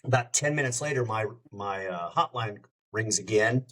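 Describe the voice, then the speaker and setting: A man's voice: fairly low pitch, moderate pace, fairly bright tone. A middle-aged man, a radio host, telling anecdotes in a casual chat and wandering from one story to the next. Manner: rambling, jumps between anecdotes. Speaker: radio show host, podcast guest.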